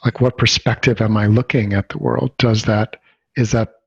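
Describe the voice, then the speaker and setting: Man, husky, low voice, thoughtful, reflective listener, dull dry video call. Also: flat delivery, moderate pace, dry recording.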